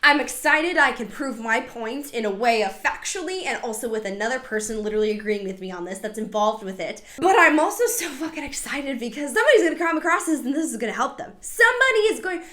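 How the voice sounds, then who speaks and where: Excited high-voiced woman reacting. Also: quick pace, hardly any pauses. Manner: excited, emphatic, swears freely. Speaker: anti-MLM commentator. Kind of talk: reaction commentary.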